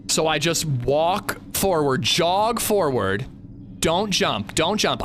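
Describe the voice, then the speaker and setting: Jittery, anxious streamer man, lively voice. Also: a little high. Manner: anxious, jittery, talking himself through it. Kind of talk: live gameplay commentary.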